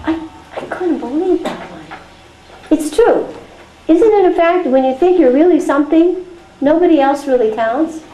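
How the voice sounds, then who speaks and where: Lady teacher chatting through a lesson, high voice, roomy echo, faint hiss behind. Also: normal speed. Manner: animated, chatty storytelling. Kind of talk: teacher training lecture with storytelling. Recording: echoey room with faint noise.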